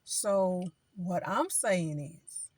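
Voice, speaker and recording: A woman's voice: fairly low pitch, animated, drawn-out words, slightly rough, no room sound. A woman giving spiritual advice in an informal, preaching way, talking in a chatty style that repeats phrases and acts out what other people say.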